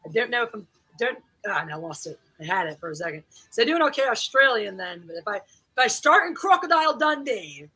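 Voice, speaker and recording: A woman's voice: fairly high pitch, sing-song, quick pace, bright, forceful tone, breathy edge, poor audio. A woman hosting a casual livestream, chatting to viewers, greeting them by name and dropping into whispered asides. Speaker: livestream host.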